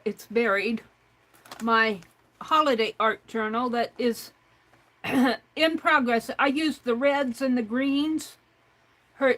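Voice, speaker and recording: A woman's voice: high voice, fairly bright tone, rough recording. A woman hosting a crafting livestream, chatting casually to herself and her viewers while she works. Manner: chatty, talks to herself while working, reads chat aloud.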